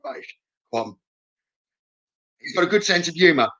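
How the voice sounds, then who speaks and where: A man's voice: sits high, sing-song, moderate pace, fairly bright tone, lo-fi sound. A man working as a psychic medium, giving a live reading in a reassuring tone and often checking in with "okay?".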